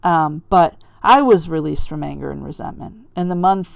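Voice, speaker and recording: A woman's voice: low voice, gravelly, no echo, clean studio sound. A middle-aged woman hosting a podcast, talking candidly and reflectively about her life, often stopping to restart her sentences. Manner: candid, conversational, halting with restarts; quotes her father in a raised, sweet voice. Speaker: podcast host. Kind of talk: personal reflective monologue.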